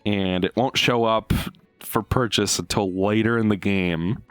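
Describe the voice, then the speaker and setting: A man's voice: fairly low pitch, fairly even intonation, a little slow, smooth, dry recording. A young man casually commentating his gameplay, rambling and explaining game details. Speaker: let's play host. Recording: faint game music behind.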